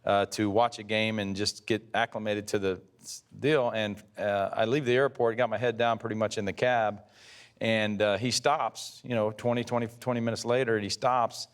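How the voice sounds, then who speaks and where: Low-voiced man in his sixties telling stories. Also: level tone, normal speed, clean tone. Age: 60s. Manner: rambling, self-correcting storyteller. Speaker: guest, former pitcher. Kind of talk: casual interview storytelling.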